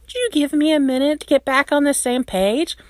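A woman reading aloud and voicing a sarcastic, excitable young man who never stops talking. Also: high-pitched, no echo, clean studio sound, voice pushed up, lightly acted. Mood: flustered sarcastic. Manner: quick, sarcastic, flustered. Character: mouthy excitable young man, talks nonstop.

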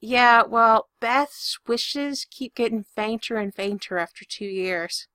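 A woman's voice: a little high, takes it slowly, pushed and bright, no room sound, clean studio sound. A woman voicing a weary young single father who talks anxiously and defensively. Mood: worried.

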